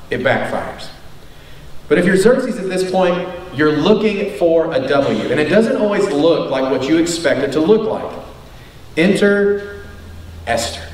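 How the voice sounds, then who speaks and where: A man's voice: high-pitched, darkish tone, recorded from a distance. A man preaching a sermon as pastor, in a conversational way that often checks in with the listeners. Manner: conversational, tag questions "right?". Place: church hall. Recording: echoey room from off the mic.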